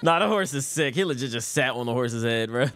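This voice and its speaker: A man hosting an anime reaction, commentating excitedly in heavy slang with loud exclamations. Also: medium pitch, fairly quick, faint music behind.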